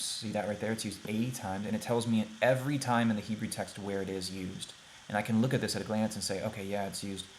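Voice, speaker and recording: A man teaching a beginners' Hebrew lesson over a shared screen, talking plainly and repeating words slowly for pronunciation. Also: on the low side, slight background noise. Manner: plain, conversational, thinks aloud with fillers.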